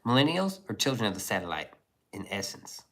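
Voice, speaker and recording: A man's voice: fairly low pitch, very animated, fairly quick, a bit bright. A man hosting a livestream, chatting casually, reading viewer comments and joking crudely. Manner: crude, joking, rambling banter. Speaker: livestream host.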